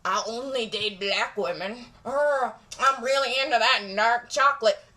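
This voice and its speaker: A woman mimicking a smug man, in a mocking, sleazy tone a bit lower than her own. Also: a little slow, bright, forceful tone. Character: smug man with a fetish line.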